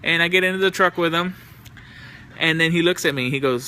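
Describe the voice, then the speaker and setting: A man's voice: on the high side, a little fast, long pauses, bright, forceful tone. A young man vlogging casual, profane stories about his day, loose and exasperated. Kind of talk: casual storytelling.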